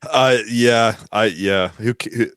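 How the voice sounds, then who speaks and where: A man's voice: medium pitch, slow pace, a bit bright, clean tone, no echo. A man co-hosting a casual podcast, mostly giving short amused reactions and agreement. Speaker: podcast co-host. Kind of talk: casual chat.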